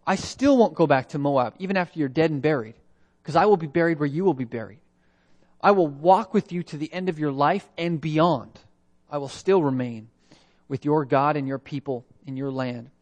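A Canadian man delivers a sermon, slightly high-pitched for a man. He reads scripture aloud, then pauses to ask reflective, searching questions. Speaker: pastor.

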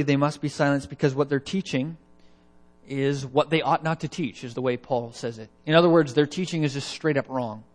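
A man's voice: medium pitch, darkish tone. A man preaching an expository sermon in an earnest way, often restarting and repeating words.

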